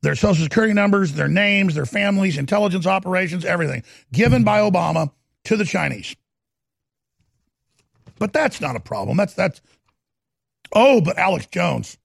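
A man's voice: sits high, animated, moderate pace, creaky, pauses often, husky, no echo, clean studio sound. A man hosting a political talk show, ranting in a heated, sarcastic way. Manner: ranting, sarcastic, slips into mocking impressions.

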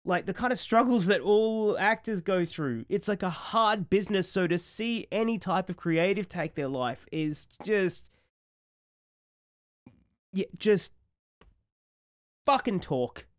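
A man's voice: sits high, takes it slowly, long pauses, no room sound, clean studio sound. A man in his thirties co-hosting a podcast, rambling and emotional in casual chat, swearing freely. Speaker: podcast co-host.

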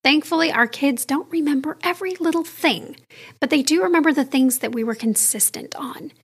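A high-voiced woman in her thirties hosts her own podcast alone. She speaks candidly and chattily, straight to her listeners, as if confiding in friends. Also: fairly quick. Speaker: podcast host. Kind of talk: solo podcast monologue.

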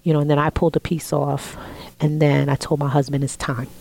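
Woman in her forties, lowish voice, heartfelt storytelling, slips into soft whispers. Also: flat delivery, brisk, gravelly, low-quality recording. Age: 40s. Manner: heartfelt, drops to soft whispers when quoting family. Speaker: interview guest. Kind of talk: emotional personal storytelling.

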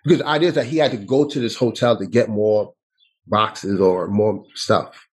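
Husky New man, halting. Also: fairly low pitch, poor audio. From New York City. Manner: halting, with frequent restarts and repetitions. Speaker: interview guest. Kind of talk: personal storytelling in an interview.

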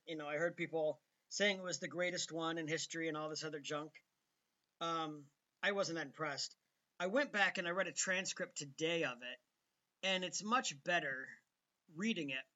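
A man's voice: a little high, bright, forceful tone, muffled recording. A man hosting a political commentary show, talking casually with many ums and restarts. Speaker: host.

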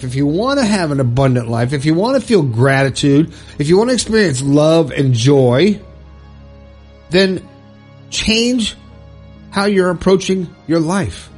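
An earnest man delivers a motivational monologue with a lively, swinging delivery. His voice sits a touch high and sounds husky. He repeats his points bluntly, swearing mildly, over faint music.

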